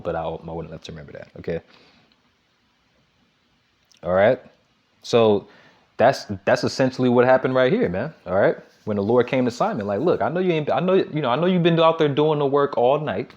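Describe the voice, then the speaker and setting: A middle-aged man giving a Bible teaching in a casual preaching style, constantly asking "all right?" and "okay?" and slowing down, louder, to read the verses. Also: fairly low pitch. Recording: dull lo-fi recording.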